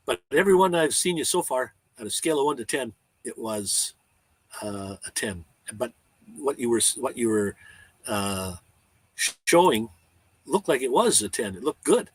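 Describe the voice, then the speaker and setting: A man's voice: mid-range voice, sing-song, slow pace, pauses often, breathy edge, poor audio. A man hosting a casual live-stream chat, talking in a rambling, heartfelt way with frequent restarts and stammers.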